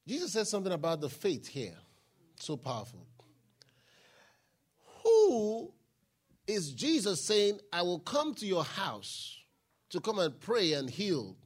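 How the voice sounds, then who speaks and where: A man preaching a sermon, reading scripture aloud and building to shouted declarations. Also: high voice. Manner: Bible reading with call-and-response, rising to shouted declarations.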